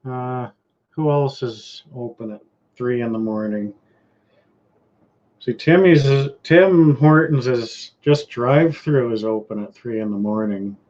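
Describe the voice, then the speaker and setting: Rambling Canadian man, slow and laid-back. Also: medium pitch, darkish tone. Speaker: host. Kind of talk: casual live-stream chat. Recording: dull lo-fi stream audio.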